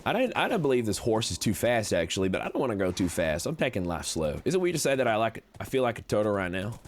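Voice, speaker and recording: A man streaming a game in character as a chatty cowboy con man, reading chat with folksy talk and sudden high excited jumps. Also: fast talker, a little hiss or hum.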